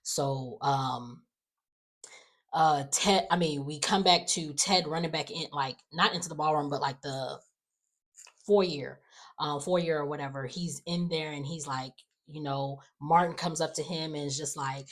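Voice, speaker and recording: A woman's voice: sits low, a little slow. A woman casually recapping soap opera episodes, rambling with lots of "like" and "you know" and acting out the characters' lines as she goes. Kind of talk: casual chat.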